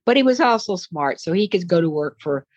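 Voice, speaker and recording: A woman's voice: fairly low pitch, lively intonation, fairly quick, darkish tone, no room sound, highs cut off. An older woman with a Southern US accent, a voice-over actress telling rambling stories full of asides in a casual interview. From American South. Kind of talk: casual anecdotal interview talk.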